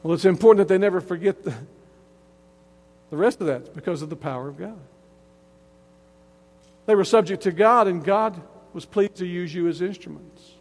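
A man's voice: high voice, moderate pace, pauses often, in a large hall. A man preaching a sermon, emphatic and earnest, often restarting his phrases as he builds a point. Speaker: pastor.

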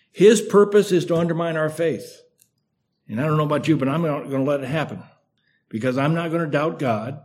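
An older male preacher delivering a sermon with a slight lisp. His voice sits a little higher than most men's, and he speaks in a measured, earnest way, building emphasis through repetition. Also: darkish tone. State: slight lisp from a sore tongue.

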